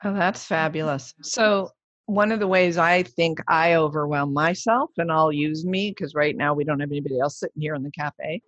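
A woman hosting an interview, chatting in an enthusiastic, lively way. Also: deep voice, normal speed, no echo. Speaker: podcast host. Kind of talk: conversational interview. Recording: dry, dull lo-fi sound.

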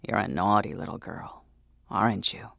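A man's voice: low-pitched, steady tone, normal speed, creaky, bright, forceful tone, dry recording, studio quality, pitched below the performer's own voice, exaggerated voice. A man voicing a furtive, lecherous older man who hisses in a half-whisper, in a whispered role-play. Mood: hissing.

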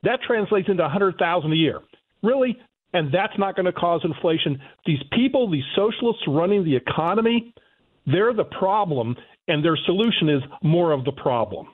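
A man's voice: high voice, expressive, normal speed. A male economist calling in to a radio show, lecturing emphatically and indignantly. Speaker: economist guest. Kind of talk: talk radio phone interview. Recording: tinny phone line.

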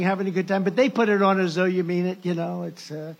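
A man's voice: sits high, fairly even intonation, fast talker, vocal fry, a little hiss or hum. A male candidate giving a campaign rally speech, rambling and sarcastic, often breaking off mid-sentence to restart. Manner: rambling, sarcastic, with self-interruptions. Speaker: presidential candidate.

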